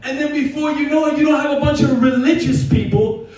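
A man preaching a sermon as pastor in a church, impassioned and at times shouting with laughter. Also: very high-pitched, steady tone, brisk. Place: church sanctuary. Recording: echoey hall from far off. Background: congregation responding.

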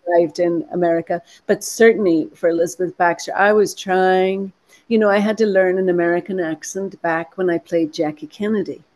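A woman in her sixties with a soft Irish accent, chatting animatedly in an interview with frequent restarts. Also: lowish voice, steady tone, fairly quick. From Ireland. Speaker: actress and producer. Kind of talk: interview conversation.

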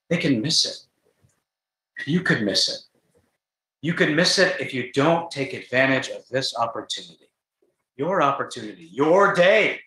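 A man's voice: mid-range voice, pushed and bright, reverberant. A man preaching a gospel sermon in a large tent, earnest and urgent, pressing his listeners with repeated rhetorical questions.

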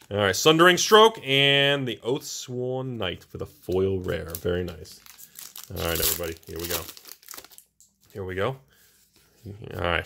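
A man hosting his own channel, opening booster packs and reacting with excited exclamations. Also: mid-range voice. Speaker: host of a card-collecting channel. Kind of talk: casual booster box opening.

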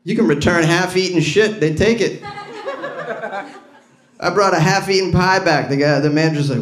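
A man doing a stand-up set, telling stories and dropping into deadpan quotes of other people. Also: high-pitched, moderate pace, pauses often, a little hiss or hum. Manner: conversational storytelling with deadpan quoted asides. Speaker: stand-up comedian. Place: comedy club stage. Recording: echoey club with crowd laughter. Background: audience laughing.

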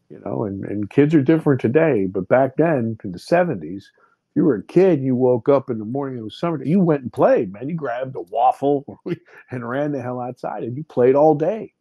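Male guest in his fifties, husky mellow voice, dry close sound, animated storyteller. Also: medium pitch, dry recording. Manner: vivid, animated retelling with many restarts. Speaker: podcast guest. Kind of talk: personal storytelling in an interview.

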